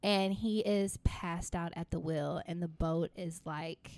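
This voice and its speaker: A young woman chatting casually as a co-host, relaxed and talkative, with frequent fillers. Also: lowish voice, slow, dry recording. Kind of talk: casual chat.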